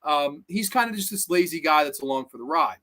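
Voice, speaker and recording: A man giving casual, animated commentary as a horror movie reviewer, swearing freely and acting out scenes in funny voices. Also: fairly high pitch, fairly quick. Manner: animated, profane, acts out quotes in funny voices.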